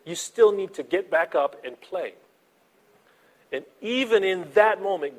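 A male pastor delivering a sermon in a slightly higher-than-usual voice. He is animated, dropping to soft, hushed asides and then rising into loud, emphatic lines. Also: unhurried.

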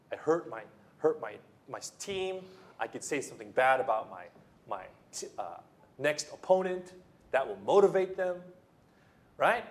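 A man preaching a sermon as pastor, talking in a loose, conversational way with restarts and playful asides. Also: fairly high pitch.

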